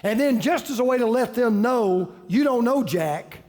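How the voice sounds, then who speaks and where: A man delivers a sermon from the pulpit, speaking high in his register. He tells stories in an easy, conversational way and hammers his points by repeating phrases. His voice carries through a sanctuary with a long, lingering reverb. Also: animated, normal speed, darkish tone. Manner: conversational storytelling, repeats key phrases for emphasis. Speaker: pastor.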